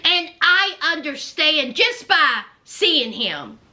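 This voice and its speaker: A woman whose voice sits high takes her time recapping a reality TV show. It's casual, gushing commentary: she acts out the quotes like a lively storyteller and uses many fillers.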